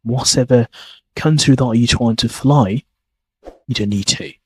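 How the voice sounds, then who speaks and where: A man's voice: mid-range voice, a little slow, slightly rough, rough recording. A man hosting a podcast lesson, talking casually and rambling as he repeats his points. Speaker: accent teacher. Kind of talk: casual teaching monologue.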